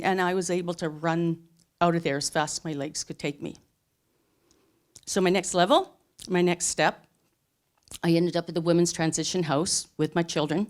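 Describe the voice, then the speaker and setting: Earnest middle-aged woman telling her story. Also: fairly low pitch. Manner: earnest and emphatic, piling up short phrases. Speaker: speaker sharing her life story. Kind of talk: personal storytelling talk.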